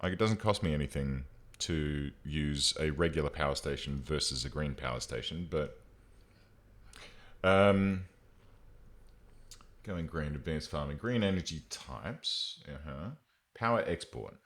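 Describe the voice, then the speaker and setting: A man streaming a game live, thinking aloud in an excitable way and swearing casually. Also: extremely low pitch, unhurried, pauses often. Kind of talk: gameplay commentary.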